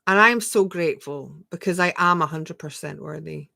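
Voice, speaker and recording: A woman gives a spiritual coaching talk on a live stream, talking to viewers and answering their comments. Her voice is bright and sits fairly low, with a dry, close sound. She repeats phrases gently and leans on rhetorical questions. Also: normal speed, vocal fry, dry recording. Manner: reads viewer comments aloud and answers them.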